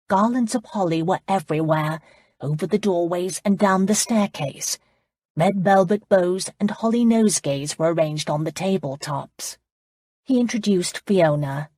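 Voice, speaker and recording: A woman narrating an audiobook romance in a steady, even storytelling manner. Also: lowish voice, moderate pace, slightly rough, dry recording, studio quality.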